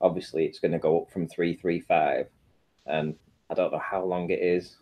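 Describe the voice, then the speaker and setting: A man's voice: low voice, flat delivery, normal speed, mellow. A man chatting casually on an online video call, talking in a dry, matter-of-fact and defiant way.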